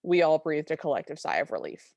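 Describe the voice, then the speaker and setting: Podcast co-host, female, lower register, chatty recap delivery, close dry mic. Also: sing-song, a little fast, darkish tone, no room sound. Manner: chatty, recounting plot with quoted lines. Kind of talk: casual recap chat.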